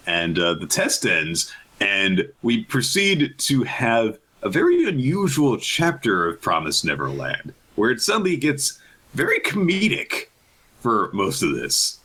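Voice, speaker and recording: Man, podcast co-host, casual chat, deep voice, raspy tone, acts out lines. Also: measured pace, poor audio. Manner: animated, acts out characters' lines in high voices. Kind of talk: casual chat recapping manga.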